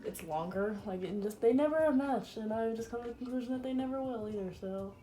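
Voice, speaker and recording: Soft music plays in the background while a woman in her twenties, a beauty vlogger, talks fast in a mellow, highish voice. Doing her makeup at home in a casual get-ready-with-me chat, she's chatty and crude, with "like" everywhere.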